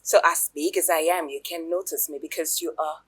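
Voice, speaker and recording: A Nigerian woman playing a jealous, dramatic girlfriend in a Nollywood film, loud and mocking. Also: deep voice, fairly even intonation, brisk, slightly rough. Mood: suspicious. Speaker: actress.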